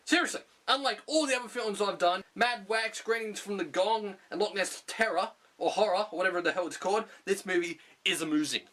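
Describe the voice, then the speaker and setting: High, bright-voiced Australian man. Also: a little fast, hardly any pauses. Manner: profane, jokey and sarcastic. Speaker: movie reviewer. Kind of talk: comedic film review monologue.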